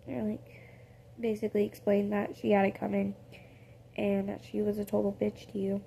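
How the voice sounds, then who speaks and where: A woman telling an improvised story in a casual, rambling way. She fills it with fillers, corrects herself mid-sentence and drops into soft whispered asides. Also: medium pitch, level tone, normal speed, gravelly, pauses often, a little hiss or hum.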